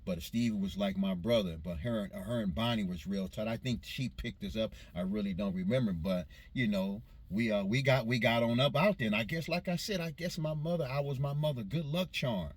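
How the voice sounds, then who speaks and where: This Los Angeles storyteller meanders through childhood memories in loose vernacular, often correcting himself. He speaks a little fast with few pauses, his voice fairly low, and the recording has no echo.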